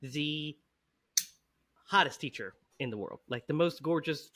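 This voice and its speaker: A man's voice: fairly high pitch, a little slow, pushed and bright. A man hosting a podcast, telling a story in casual chat with frequent laughs. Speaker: podcast host.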